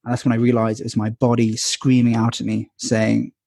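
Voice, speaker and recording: A man's voice: mid-range voice, monotone, a little fast, creaky, mellow, breathy edge, no room sound, studio quality. A man in his twenties or thirties, a podcast guest, telling his life story candidly with many ums and likes. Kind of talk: casual storytelling interview.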